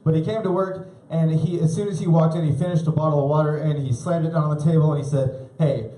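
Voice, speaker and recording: A man's voice: fairly even intonation, quick pace. Rambling stand-up comic man, roomy club. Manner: rambling, self-amused, jumps into high shouty voices for quoted people. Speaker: stand-up comedian. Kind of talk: live stand-up set. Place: live comedy club stage.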